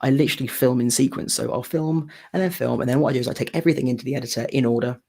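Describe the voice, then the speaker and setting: A man's voice: mid-range voice, steady tone, rapid-fire, vocal fry, mellow. A man in his thirties with a British accent, hosting a casual theatre chat and often repeating words as he gets to his point. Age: 30s. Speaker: host of a theatre live chat.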